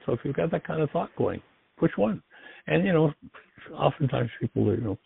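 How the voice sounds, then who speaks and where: A man's voice: fairly high pitch, animated, fast talker, vocal fry, breathy edge, dry recording. A man hosting a call-in radio show, talking in an earnest, encouraging and reflective way. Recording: dry, tinny phone-like line.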